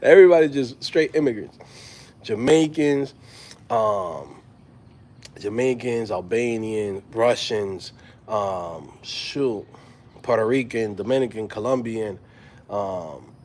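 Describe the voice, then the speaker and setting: A man's voice: fairly low pitch, slow pace, pauses often, darkish tone, a little hiss or hum. A man from New York with a New York accent, chatting casually on a livestream, slangy and laughing often. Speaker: host.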